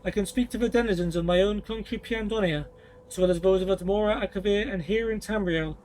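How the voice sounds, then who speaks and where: Formal, halting court translator, a touch boastful, read by a man in a high voice. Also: a little mellow, a little hiss or hum, close to an everyday voice, poor audio. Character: multilingual royal translator, boastful and precise.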